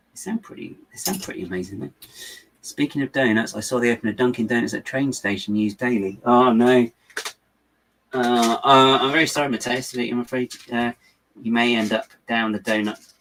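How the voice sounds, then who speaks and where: A man's voice: medium pitch, a bit bright, a little hiss or hum. A young man hosting a livestream, chatting in a rambling, self-amused way to viewers while building at home. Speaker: livestream host building LEGO. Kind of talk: casual chat while building.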